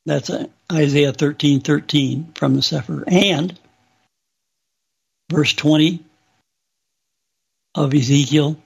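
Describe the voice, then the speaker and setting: A man slowly and solemnly recounting a religious vision as testimony. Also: on the high side, fairly even intonation, creaky, slightly rough. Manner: slow, deliberate, solemn. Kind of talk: slow spoken testimony.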